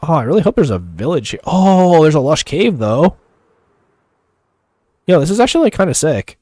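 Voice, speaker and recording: A man streaming a game live, chatting casually with viewers and rambling with lots of fillers and quick chuckles. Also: fairly high pitch, very animated, darkish tone, dry recording. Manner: chats with viewers while playing. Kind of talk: casual gameplay commentary.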